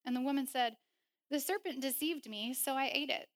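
A young woman preaching a sermon, animated and laughing often as she acts out voices in quotes. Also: high voice, moderate pace, dry recording, clean studio sound.

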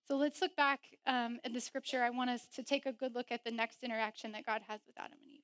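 A young woman preaching a sermon, animated and laughing often as she acts out voices in quotes. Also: fairly high pitch, fast talker, no echo, studio quality.

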